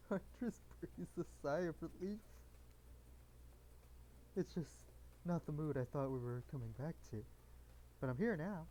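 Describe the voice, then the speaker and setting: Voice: mid-range voice, animated, measured pace, long pauses, mellow, a little hiss or hum, rough recording. A streamer reading a dating game aloud, full of joking asides and giggles. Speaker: gameplay streamer.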